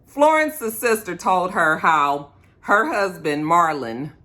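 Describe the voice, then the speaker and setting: A woman recapping a reality show episode in a casual, chatty way, sassy and profane, with quick asides to her viewers. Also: fairly low pitch, expressive, pushed and bright.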